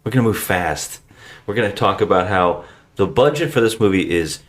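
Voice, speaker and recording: A man's voice: low voice, lively intonation, normal speed. A man hosting a podcast, chatting casually with profane, joking banter. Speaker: podcast host.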